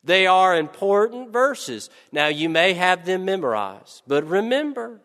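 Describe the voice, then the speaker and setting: A man's voice: high-pitched, big pitch swings, a little slow, fairly bright tone, in a large hall, pitched above the performer's own voice, exaggerated voice. A man voicing a firm, patient Sunday school teacher giving instructions to her class. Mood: instructing.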